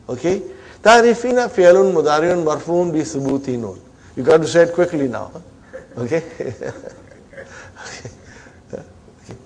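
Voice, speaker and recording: A man teaching an Arabic grammar class in English, drilling students with repeated questions and quick prompts, mixing in Arabic and Islamic phrases. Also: a little high, vocal fry, breathy edge.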